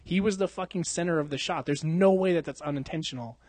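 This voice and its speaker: A man's voice: on the high side, fast talker, a little mellow, no echo. A young man co-hosting a podcast, chatting casually, rambling, laughing often and swearing a lot. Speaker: podcast co-host. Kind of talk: casual chat.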